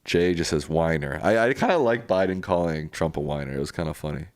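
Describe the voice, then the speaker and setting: A man with a very low voice hosts a live stream, reading out viewer comments and giving casual, plainspoken answers. The sound is dry and close, with no room echo. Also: animated, brisk.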